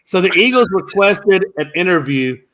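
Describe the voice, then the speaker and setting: A man co-hosting a sports talk show, arguing his point with emphatic, animated delivery that jumps up at times. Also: sits high, moderate pace, crowd noise. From United States. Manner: animated, emphatic, rising to shouts. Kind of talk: casual sports debate.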